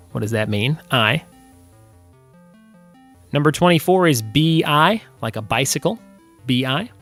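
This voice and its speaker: A man's voice: on the high side, fairly bright tone. A young man hosting a solo trivia podcast, reading quiz clues and answers with chatty, self-deprecating asides.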